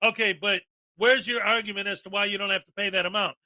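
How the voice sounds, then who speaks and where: A man hosting a reaction commentary show, ranting sarcastically and shouting often as he mocks the people in a video. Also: high voice, steady tone, fast talker, dry recording. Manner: sarcastic, mocking, shouts often and acts out mock voices. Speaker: commentary channel host.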